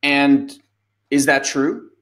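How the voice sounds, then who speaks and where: A man's voice: mid-range voice, flat delivery, drawn-out words, a bit bright. A man hosting a webinar, talking loosely as a life coach and answering a listener's question, with lots of "like" and "you know". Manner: loose, conversational, many fillers like "like" and "you know".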